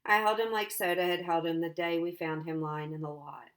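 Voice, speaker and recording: A woman's voice: on the low side, fairly even intonation, a little fast, a bit bright. Woman teacher reading a novel aloud.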